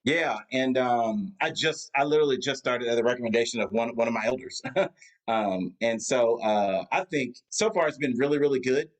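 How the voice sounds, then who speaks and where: A man with a medium-pitched voice talks at a normal speed over a rough recording. He's a pastor appearing as a guest on a video call from the Atlanta area in the United States, chatting casually and rambling with lots of fillers and restarts.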